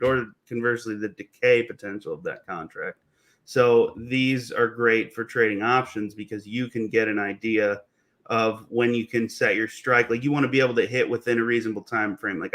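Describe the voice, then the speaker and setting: A young man, a guest trader, calmly explaining stock charts in a casual, slangy way. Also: mid-range voice. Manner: relaxed, explains plainly with slang. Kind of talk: casual chart analysis on a livestream.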